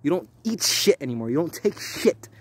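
A man talking to camera in a preachy spiritual monologue, animated and repetitive, with swearing. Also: a little high, moderate pace, slightly rough. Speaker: vlogger.

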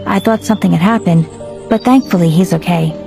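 A troubled young wife, put on by a woman narrator, hesitant and guarded, her lines lifting a bit higher. A gravelly, mellow voice sits over faint music. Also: fairly quick. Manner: hesitant, awkward.

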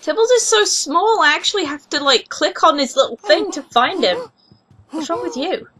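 A gaming video host, a young woman with a high-sitting voice, gives casual, excitable commentary at normal speed while playing a life-simulation game. She gushes over the cute pets.

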